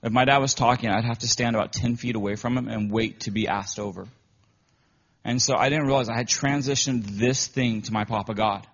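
Male preacher, husky voice, chatty emotional sermon delivery, dull lo-fi audio. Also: mid-range voice, steady tone, brisk, fairly bright tone. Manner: conversational storytelling, often emotional. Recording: dull lo-fi recording.

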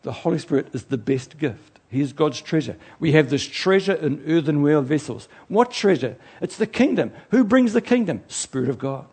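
A preacher with a somewhat high, husky voice delivers a sermon in a chatty, animated way. He swings between loud outbursts and quiet asides and jokes at his own expense as he goes. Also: normal speed, hardly any pauses. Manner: chatty, self-mocking and joking.

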